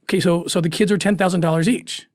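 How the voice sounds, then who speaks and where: A man's voice: sits high, steady tone, quick pace, a little mellow, no room sound, studio quality. A middle-aged man, a guest in an interview, telling a first-person story in an earnest way that halts with emotion.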